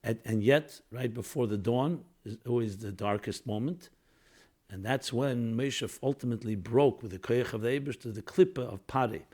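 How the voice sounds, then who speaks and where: A man's voice: mid-range voice, normal speed, darkish tone, husky. A man giving an earnest Torah lecture, weaving Hebrew and Yiddish terms into English and rising in emphasis on key points. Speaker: rabbi lecturer.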